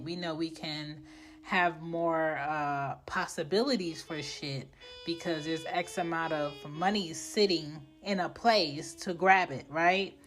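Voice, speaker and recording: A woman hosts her podcast solo, talking in a loose, casual way and cussing freely. She hands out frank, preachy advice in a lowish voice. Faint music plays underneath her. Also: a bit bright. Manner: blunt, profane, preachy pep talk. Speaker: podcast host.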